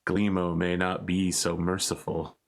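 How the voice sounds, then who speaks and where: Deep-voiced man running a tabletop game. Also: level tone, a little slow, creaky. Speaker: game master.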